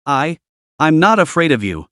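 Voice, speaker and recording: A man's voice: on the high side, very animated, normal speed, a bit bright, clear, resonant tone, no room sound, studio quality. A man voicing a timid, scheming young female student in a story recap, hesitant and trembling.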